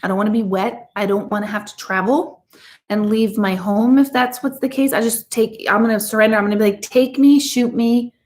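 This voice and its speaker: A middle-aged woman hosting a live chat stream, talking casually to her viewers and slipping into quick mock voices. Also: mid-range voice. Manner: chatty and animated, does quick mock voices. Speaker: host of a live chat show.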